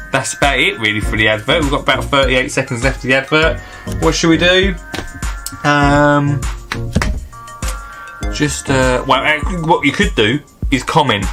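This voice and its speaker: A man hosts a live gardening phone-in in a loose, chatty, rambling way. He gets excitable and talks straight to his listeners at a middling pitch. Faint music plays in the background. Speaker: gardening podcast host. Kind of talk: casual live phone-in chat.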